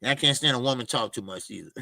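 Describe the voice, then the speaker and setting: A man hosting a boxing talk show, ranting in loud, emphatic, mocking casual commentary with plenty of swearing. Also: medium pitch, creaky, dry recording.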